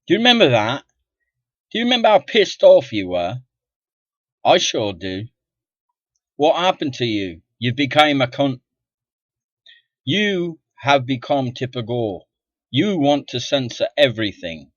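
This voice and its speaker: Middle-aged guy ranting at the camera, swearing a lot, goes quiet then loud, dull dry lo-fi sound. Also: mid-range voice, sing-song, unhurried, pauses often, no echo. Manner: profane, indignant, swings from muttering to loud outbursts. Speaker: vlogger.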